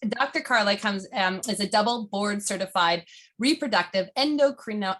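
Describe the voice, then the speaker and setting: A woman's voice: mid-range voice, moderate pace, fairly bright tone. A middle-aged woman hosting an interview in a bubbly, chatty way, laughing often and rambling a little. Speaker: host. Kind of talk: casual interview chat.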